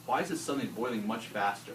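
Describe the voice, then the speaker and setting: A middle-aged man teaching a classroom science demonstration, animated and joking, often restarting his sentences. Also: mid-range voice, quick pace. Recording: roomy classroom audio from a distant camera, with noise.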